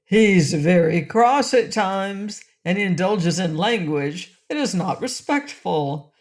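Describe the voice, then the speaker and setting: A woman's voice: mid-range voice, animated, slow. A woman doing a giggling, jolly fat little king. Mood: giggling merry. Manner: giggly, merry, laughing. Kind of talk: audiobook reading.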